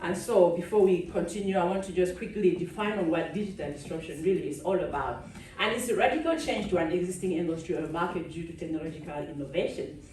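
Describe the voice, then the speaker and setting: A woman from Cameroon giving a lively conference keynote, laughing often and chatting with the audience on stage. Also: lowish voice, quick pace, hardly any pauses. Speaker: keynote speaker. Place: large conference hall. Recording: echoey hall, speaker far from the mic.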